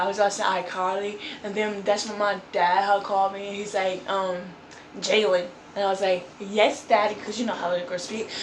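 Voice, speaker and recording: A woman vlogger speaks casually, wandering through her story with many "like"s and "um"s. Her delivery stays fairly flat at a mid pitch. The room adds a clear echo over faint background ambience. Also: background noise. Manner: rambling, filler-heavy with frequent "like" and "um".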